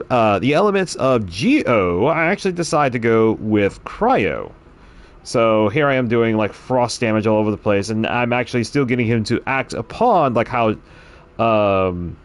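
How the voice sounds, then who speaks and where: A man streaming a game, chatting casually and telling rambling stories with frequent chuckles. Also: mid-range voice. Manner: rambling, chuckling, animated storytelling. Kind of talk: casual chat on a livestream.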